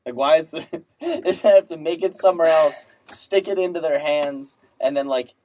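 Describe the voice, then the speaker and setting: A person in a casual chat, talking in an animated way with many filler words. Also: medium pitch, moderate pace, slight background noise.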